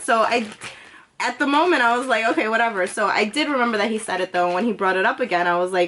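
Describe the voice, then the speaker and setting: A woman's voice: medium pitch, animated, fast, a bit bright. A young woman vlogging, telling a personal story in a chatty, casual way, full of filler words and swearing freely.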